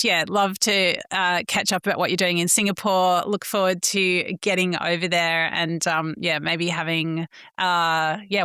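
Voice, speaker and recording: A woman's voice: lowish voice, clear, resonant tone, dry recording, studio quality. A woman with an Australian accent hosting a food podcast, wrapping up an interview and reading the show's outro. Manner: relaxed, friendly wrap-up with fillers. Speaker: podcast host. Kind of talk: casual interview chat and scripted outro.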